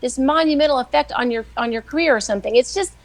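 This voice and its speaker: A middle-aged woman, a weekly guest who writes devotionals, telling faith stories in a chatty, animated way. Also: high voice, fast. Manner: chatty, animated, acts out quoted voices. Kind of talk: casual faith storytelling on a live show.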